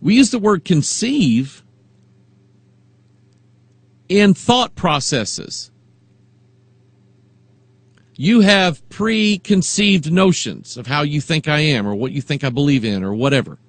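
A man preaching a sermon as pastor, moving between quiet reflection and rising, emphatic delivery. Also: on the high side, expressive, slow pace, long pauses, no room sound.

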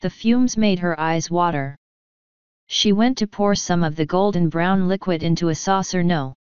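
A woman narrating an audiobook in a measured, precise way, close to the mic. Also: lowish voice, darkish tone, smooth, dry recording, dull audio. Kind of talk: scripted narration.

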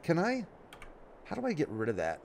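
A man's voice: fairly high pitch, wildly swooping pitch, normal speed, vocal fry, slight background noise. A man hosting a let's play, rambling casually about his life while thinking aloud through the game. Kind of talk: casual gameplay commentary. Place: at home, near the Great Lakes.

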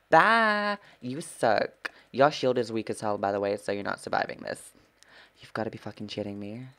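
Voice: mid-range voice, measured pace, vocal fry, pauses often. A gameplay streamer giving live commentary, full of sassy trash talk, swearing and dramatic gasps.

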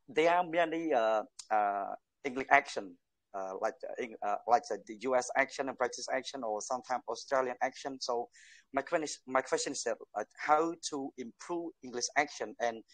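A man in an online class asking a formal question, hesitant, with many pauses and repeated words. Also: mid-range voice, dry recording, low-quality recording.

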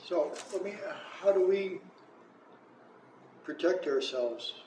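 Man in bible study group, hesitant questions, higher voice, distant and echoey. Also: lively intonation, a little mellow, slight background noise. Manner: hesitant, halting. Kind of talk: asking questions. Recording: echoey room, distant from the mic.

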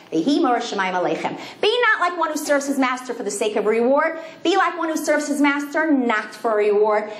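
A middle-aged woman giving an inspirational talk to a women's group, telling stories with lively acted-out quotes. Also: sits high. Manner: animated storytelling with sung and acted-out quotes. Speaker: speaker. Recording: echoey room with faint background noise.

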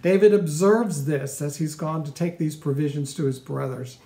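A man's voice: fairly high pitch, moderate pace, warm tone, echoey room. A male pastor giving a sermon and retelling a story in a casual, conversational way.

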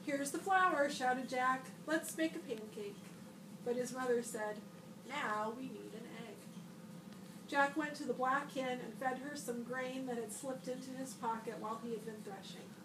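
Woman librarian reading a children's storybook aloud, high voice, expressive, a bit off-mic in an echoey room with noise behind. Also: moderate pace, distant mic. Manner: expressive storybook reading, bright shouts for the boy's lines. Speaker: school librarian.

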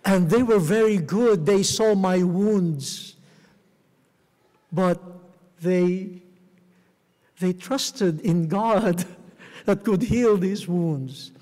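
A middle-aged man from the Philippines, a cardinal, giving a gentle storytelling talk with soft chuckles to a theatre audience. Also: high voice, extremely slow, pauses often. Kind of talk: homily-style talk to a live audience. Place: large theatre. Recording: long reverb of a large theatre.

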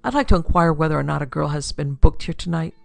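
A woman's voice: low voice, fast talker, vocal fry, darkish tone, no echo, faint music behind. A woman voicing a pale, nervous young male attorney who speaks hesitantly. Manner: hesitant, worried and protesting.

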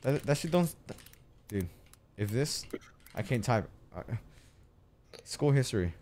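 A young man streaming a horror game, chatting casually, swearing and shouting when scared. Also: mid-range voice, big pitch swings, measured pace, slight background noise. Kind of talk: casual gaming stream chat.

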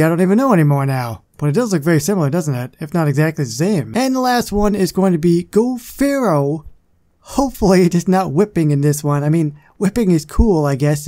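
A man's voice: on the high side, dark tone. A man hosting a gaming channel, giving casual gameplay commentary in a chatty, self-deprecating way with muttered asides.

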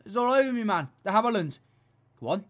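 A young man commentating his own football video game match, excitable and shouting at the referee. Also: high-pitched, quick pace. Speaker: gaming YouTuber.

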